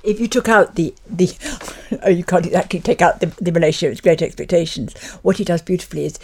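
Woman novelist, husky, creaky, fast. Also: on the low side, a little mellow. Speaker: novelist guest. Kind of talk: discussion.

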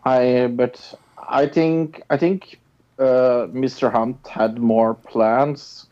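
Man, slow, hesitant, lots of fillers, muffled lo-fi sound, podcast chat. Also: mid-range voice, fairly even intonation, mellow. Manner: hesitant, full of filler sounds and repeated words. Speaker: podcast co-host. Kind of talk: casual chat. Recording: dull lo-fi recording.

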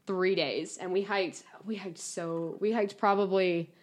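An American woman in her twenties chatting casually, telling stories in an animated way and acting out the voices of people she quotes. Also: fairly low pitch, a little slow. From United States. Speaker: guest recounting study abroad. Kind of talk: casual chat.

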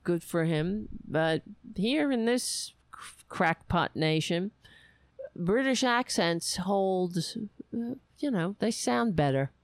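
A sarcastic commentator delivers a solo political rant in a smooth, clear voice. The pace is unhurried, and the speech is full of halting restarts. The sound is dry and close, with no room echo. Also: medium pitch, animated.

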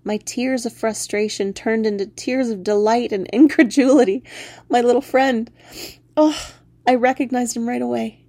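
Gravelly woman reading her own story. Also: fairly high pitch, moderate pace, no echo. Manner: expressive, laughs often while reading. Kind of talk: storybook narration.

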